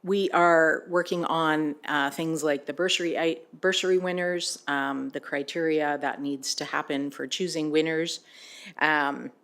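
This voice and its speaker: A woman with a notably low voice gives a board update at a council meeting. She speaks hesitantly, pausing with frequent fillers as she works through her points. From Canada. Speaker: board chair presenting to council.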